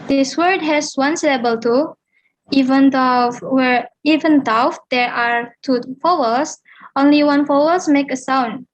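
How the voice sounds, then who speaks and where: A young woman reads a phonetics lesson aloud in English, with a high voice and a slow pace. She moves carefully through each point, correcting herself and restarting as she goes. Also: lo-fi sound. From Indonesia. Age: young adult. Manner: halting, careful reading with restarts. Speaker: student presenter.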